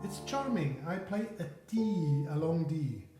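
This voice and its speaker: A man giving a piano lesson, talking things through in a soft, reflective way while he plays. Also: fairly high pitch, animated, a little slow, reverberant. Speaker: piano teacher. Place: room with a piano.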